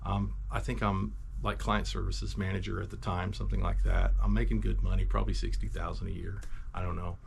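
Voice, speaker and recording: A man with a low, gravelly voice tells his testimony as a rambling, emphatic story, often restarting and wandering into asides. Faint ambient noise sits behind him. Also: flat delivery, brisk. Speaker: Christian testimony vlogger.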